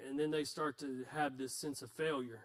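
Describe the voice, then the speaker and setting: A man's voice: medium pitch, steady tone, moderate pace. A male pastor preaching a sermon in a conversational, self-deprecating storytelling manner.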